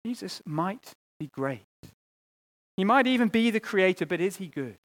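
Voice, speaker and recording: Guy preaching, kinda high voice, earnest, gets loud then drops real quiet. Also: expressive. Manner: earnest, with pauses and repeated words, rising and falling between loud and quiet. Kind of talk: sermon.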